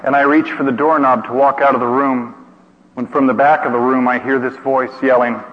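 Theatrical preacher in an echoing hall. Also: male voice, mid-range voice, fairly even intonation, fairly quick, background noise. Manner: emotive, theatrical, with hushed passages and shouted outbursts. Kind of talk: dramatic storytelling sermon. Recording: dull sound with long hall reverb.

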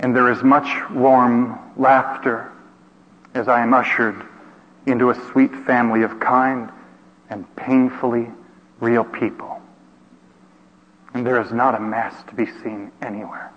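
Theatrical preacher in an echoing hall. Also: male voice, mid-range voice, little pitch movement, a little slow, pauses often. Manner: emotive, theatrical, with hushed passages and shouted outbursts. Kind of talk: dramatic storytelling sermon. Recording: dull sound with long hall reverb.

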